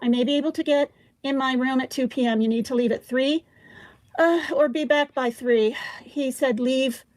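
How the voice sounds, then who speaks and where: A woman's voice: high-pitched, fairly even intonation, moderate pace, darkish tone, no room sound. A woman hosting a casual livestream, reading text messages aloud and stopping often with fillers and asides. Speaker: livestream host.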